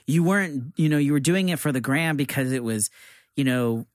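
A man's voice: mid-range voice, moderate pace, no room sound. A male podcast co-host in easy, rambling chat, circling his points with "you know" and false starts. His voice sits in a middle register. He is recorded close in a small, dry studio. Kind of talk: casual chat.

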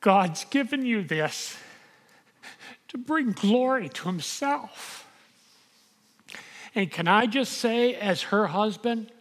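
A middle-aged man preaching a sermon as pastor, emphatic and building to loud peaks. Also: sits high, long reverb tail.

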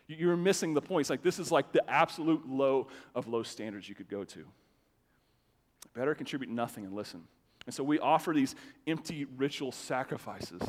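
A man preaching a sermon to his congregation, talking in a loose, conversational way with quick restarts. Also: fairly high pitch. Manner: conversational, animated, with stammered restarts. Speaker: pastor. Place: church sanctuary. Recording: long hall reverb.

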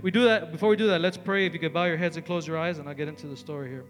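A man giving a youth sermon in a large hall with an audience, telling a story in a chatty, energetic way full of fillers. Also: a little high, very fast, hardly any pauses. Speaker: youth preacher.

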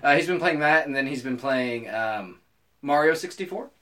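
A young man co-hosting a podcast in casual chat, animated and joking, swearing freely. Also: mid-range voice, moderate pace. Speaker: podcast co-host.

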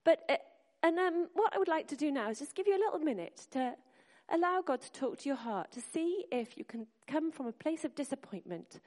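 Woman preacher, slightly high voice, earnest and encouraging, live in a big echoey church hall. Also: very animated, fairly quick, a little mellow. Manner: earnest, encouraging, speaks to the congregation directly. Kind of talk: sermon. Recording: long hall reverb.

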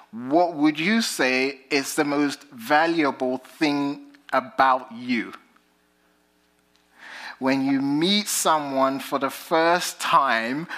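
A British man preaching a sermon, telling stories with animated emphasis and dropping to quiet lines. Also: a little high. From Britain. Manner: animated storytelling, rising to emphatic lines then dropping soft.

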